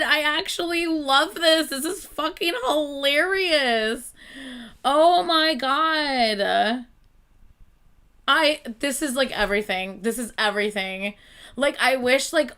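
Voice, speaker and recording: A woman hosting a casual live music reaction, excitable and chatty, laughing often and saying "like" a lot. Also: high-pitched, unhurried.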